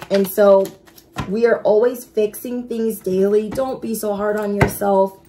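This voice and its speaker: Chatty, excitable woman tarot reader. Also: mid-range voice, unhurried, noisy background. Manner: chatty and excitable, speaks directly to viewers. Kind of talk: casual tarot reading to viewers.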